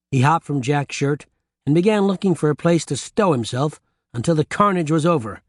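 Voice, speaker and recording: A man narrating an audiobook with lively storytelling on a close studio mic. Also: fairly high pitch, normal speed, dry recording.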